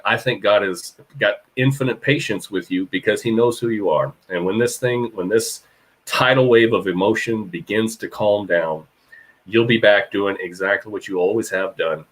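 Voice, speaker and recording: Earnest low-voiced male host. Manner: earnest, encouraging, says amen. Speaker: podcast host. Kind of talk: casual interview. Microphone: video call.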